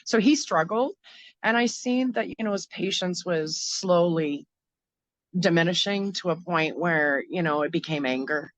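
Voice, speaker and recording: A woman from Canada, a guest in an interview, telling a hard personal story in a frank, halting way with many fillers and restarts. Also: on the low side, dry recording.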